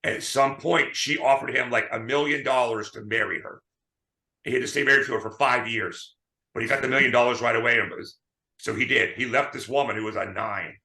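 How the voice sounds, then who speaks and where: Speaking a little fast in a room with echo, this podcast co-host has a mid-range voice and keeps the movie chat loose. His storytelling is lively, and he performs the lines he quotes.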